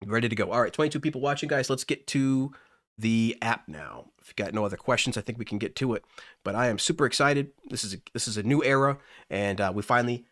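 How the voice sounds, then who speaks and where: A man's voice: medium pitch, fast talker, fairly bright tone, dry recording, studio quality. Enthusiastic man hosting a music livestream. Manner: enthusiastic, gushing. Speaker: livestream host. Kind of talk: casual livestream chat.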